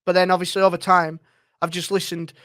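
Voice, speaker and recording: A man's voice: high voice, little pitch movement, quick pace, a bit bright, no echo. Guy chatting about streaming, rambles a lot, swears, dry close sound. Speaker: roleplay streamer guest. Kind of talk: casual interview chat.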